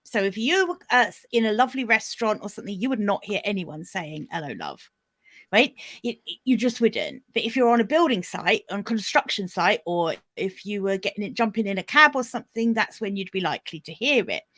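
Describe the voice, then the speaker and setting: A woman's voice: medium pitch, expressive, brisk, hardly any pauses, fairly bright tone. A middle-aged British woman chatting casually as a guest, explaining things with quoted phrases. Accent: British English. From England. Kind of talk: casual chat.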